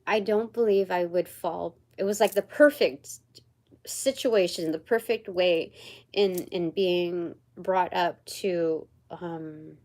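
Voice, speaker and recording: Woman, tarot reader, live stream, low voice, very slow, meandering, lots of pauses and fillers. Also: a little mellow. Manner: searches aloud for words. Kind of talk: livestreamed spiritual card reading.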